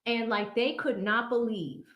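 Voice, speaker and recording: A woman in her thirties from the Boston area, with a Boston accent, hosts a casual legal commentary stream, chatty and conversational with lots of fillers. Her voice is fairly high and a little slow, with lo-fi sound and a roomy echo.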